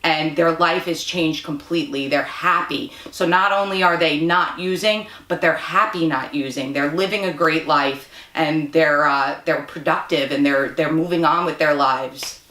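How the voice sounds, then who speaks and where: A woman guest giving sincere interview answers, with frequent pauses to gather her words. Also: deep voice, a bit bright. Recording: roomy echo.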